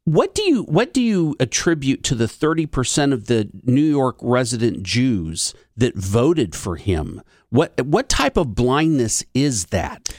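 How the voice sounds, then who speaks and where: A man's voice: mid-range voice, very animated, a little slow, hardly any pauses, darkish tone, dry recording, clean studio sound. A man co-hosting a talk show, asking long, hesitant questions with many fillers. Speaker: co-host.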